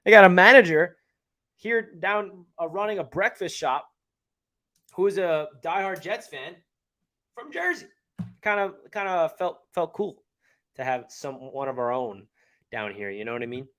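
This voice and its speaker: A man's voice: a little high, unhurried, a bit bright. A man with a New York area accent hosting a casual live stream, chatting and answering viewer comments as he reads them. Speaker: livestream host.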